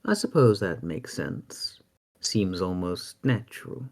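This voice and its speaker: Brief: man playing a polite, curious young woman, slow measured questions, lively pitch, faint music under. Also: heavily acted. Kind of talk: tabletop role-play.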